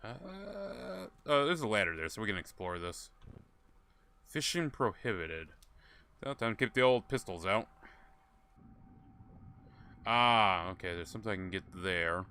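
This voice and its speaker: A man's voice: fairly low pitch, big pitch swings, unhurried, long pauses, pushed and bright, smooth. A man streaming a game, chatting to his viewers and telling rambling, profane stories. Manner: rambling, profane, laughing storyteller. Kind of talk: casual gameplay commentary.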